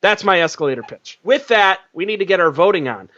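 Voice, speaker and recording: High-voiced man hosting a comedy podcast. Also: lively intonation, brisk, bright, forceful tone, lo-fi sound. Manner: loose, laughing, swearing. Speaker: host.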